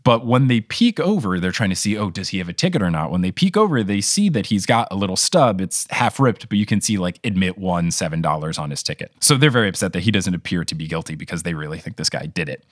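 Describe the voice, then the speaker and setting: A man hosting a casual podcast, retelling a children's mystery book with lively delivery and frequent laughter. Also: sits low, fast talker, hardly any pauses, no room sound, clean studio sound. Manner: animated, laughs while retelling. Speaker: podcast host. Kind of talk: casual storytelling recap.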